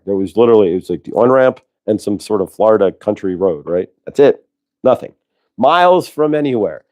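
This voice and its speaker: A middle-aged man hosts a spiritual talk show and spins a rambling road story, full of fillers, restarts and asides. His voice sits at an everyday middle pitch, and he talks quickly in loose bursts. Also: darkish tone. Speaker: host. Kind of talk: casual storytelling.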